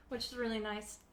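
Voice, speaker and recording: A woman talking frankly and casually as a podcast guest, swearing freely. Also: on the high side. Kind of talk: casual chat. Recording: roomy with faint background noise.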